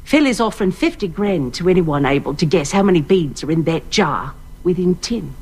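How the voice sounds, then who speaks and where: An actress playing a plain-spoken Australian woman in a TV drama, telling an odd tale with a put-on Australian accent in a flat, matter-of-fact way. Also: on the low side, normal speed, slight background noise. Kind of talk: TV drama acting.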